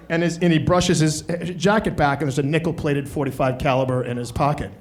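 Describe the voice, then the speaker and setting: Man, stand-up comedian, animated storyteller, raised pitch, faint noise. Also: brisk, few pauses. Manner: animated, acts out characters.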